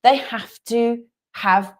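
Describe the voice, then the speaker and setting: A woman co-hosting a live chat show, animated and outspoken, giving her opinions freely. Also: fairly high pitch, takes it slowly. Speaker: co-host.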